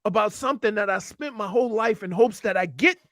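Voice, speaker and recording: A man co-hosting sports radio, animated and mocking in casual banter. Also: high-pitched, fairly quick, no room sound, clean studio sound.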